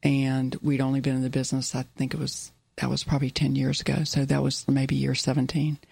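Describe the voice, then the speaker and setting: Earnest woman with a gravelly, flat voice. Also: very deep voice, fairly quick, dry recording. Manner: earnest, repeats key phrases. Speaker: business owner guest. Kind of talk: personal storytelling interview.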